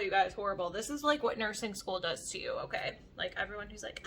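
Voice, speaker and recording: Bright-voiced young woman telling stories. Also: mid-range voice, quick pace, few pauses, breathy edge. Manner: animated, chatty, heavy use of "like". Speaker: beauty vlogger. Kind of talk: casual storytelling chat to camera.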